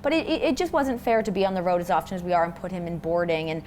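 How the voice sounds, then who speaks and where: A woman's voice: on the low side, rapid-fire, darkish tone, slight background noise. A young woman from Toronto, chatting casually as an interview guest and rambling with plenty of fillers. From Toronto, Canada.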